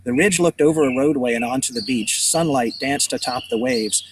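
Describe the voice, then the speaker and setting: A man's voice: mid-range voice, moderate pace. A man, an author, reading his book aloud to children outdoors, adding casual asides. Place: outdoors among trees by beach. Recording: distant outdoor mic, birdsong noise.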